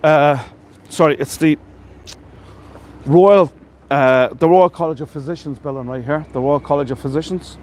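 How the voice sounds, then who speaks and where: A man's voice: fairly high pitch, steady tone, moderate pace, darkish tone. Upbeat Irish man guiding a street tour. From Ireland. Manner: enthusiastic, chatty, full of superlatives. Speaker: tour guide. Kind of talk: live walking tour with viewer shout-outs. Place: city street outdoors. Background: faint street and traffic noise.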